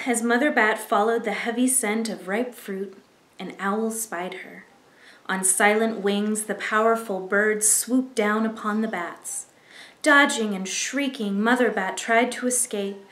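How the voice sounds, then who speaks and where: A woman reading a picture book aloud as a library storyteller, gentle and expressive, with asides to young listeners. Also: on the high side, echoey room.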